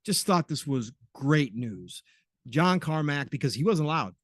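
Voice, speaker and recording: An enthusiastic man co-hosts a casual gaming podcast, and his voice sits a touch higher than most men's. The sound is dry and close, with no room around him. He chimes in with quick agreement and talks over his partner. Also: animated, dry recording. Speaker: podcast co-host.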